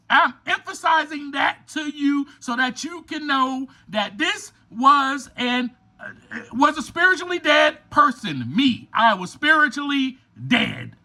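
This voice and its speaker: High-voiced, emphatic man preaching slowly. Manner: emphatic and preacher-like, bursts to near shouting; addresses listeners directly, repeating phrases. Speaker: podcast host. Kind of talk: motivational monologue.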